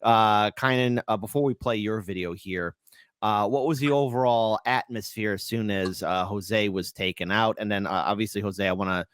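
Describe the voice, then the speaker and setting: A man hosting a livestream political talk show, interviewing guests and launching into loud, ranting outbursts. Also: lowish voice, moderate pace, smooth, dry recording, clean studio sound. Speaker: host.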